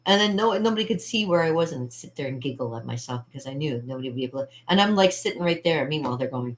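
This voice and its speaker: A woman's voice: deep voice, expressive, rapid-fire, hardly any pauses. A woman hosting her own channel in a casual vlog, talking in a rambling, chatty way with frequent laughter. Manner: rambling and chatty, laughs often, acts out quotes. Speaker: channel host.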